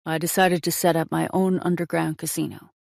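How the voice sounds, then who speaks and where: A woman's voice: low voice, level tone, brisk, creaky, a little mellow, dry recording. A woman reading the lines of a sheepish, scheming wealthy man in an audiobook, in a plain voice close to her own. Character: man, rich playful schemer. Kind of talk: audiobook character voice.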